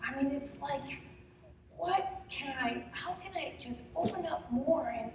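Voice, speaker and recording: A middle-aged woman, a painter, talking earnestly and emotionally to a live audience, halting and restarting her sentences. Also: high-pitched, background noise. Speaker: painter giving a demo talk. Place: large echoey hall, live audience. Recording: echoey distant hall recording.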